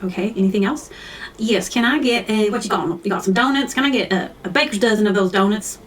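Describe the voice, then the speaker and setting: A woman's voice: mid-range voice, fast talker, far from the mic, a little hiss or hum, natural voice. A woman acting out indecisive coffee-shop customers and a barista in a comedy sketch, ordering with lots of hesitant fillers. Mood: eager.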